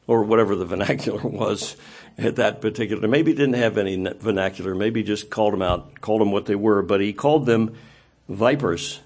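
A man preaching a sermon in a conversational style, full of rhetorical questions. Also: medium pitch.

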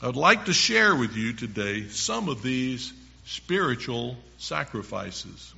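A man preaching a sermon, reading scripture verses slowly with strong emphasis. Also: mid-range voice, very animated, vocal fry, sharp tone, dull audio.

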